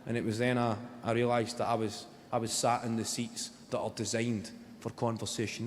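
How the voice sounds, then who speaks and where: A Scottish man with a Glaswegian accent doing a stand-up routine, swearing freely and building stories to loud shouted punchlines. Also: mid-range voice, heavy background noise. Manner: swearing, animated storytelling with rising shouts. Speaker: stand-up comedian. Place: theatre stage with audience laughter. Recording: long hall reverb, loud ambience.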